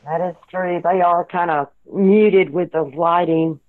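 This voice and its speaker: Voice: medium pitch, steady tone, unhurried. A speaker with a Southern country twang, rambling in casual chat and laughing often. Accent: Southern American. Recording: tinny phone-like line.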